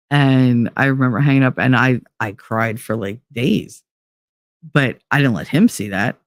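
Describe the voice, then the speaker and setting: A woman's voice: low voice, a little mellow, no room sound. Chatty woman telling a story, dry sound. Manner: chatty, heavy use of "like", acts out others' lines. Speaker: podcast host. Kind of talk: casual storytelling.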